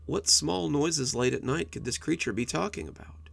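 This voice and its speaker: A man narrating horror stories in an expressive storytelling manner. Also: on the high side, normal speed, vocal fry.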